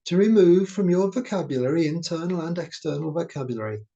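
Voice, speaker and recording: A man guiding a meditation, speaking in a slow, gentle, soothing way. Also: on the high side, vocal fry, muffled recording. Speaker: meditation teacher. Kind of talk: guided meditation talk.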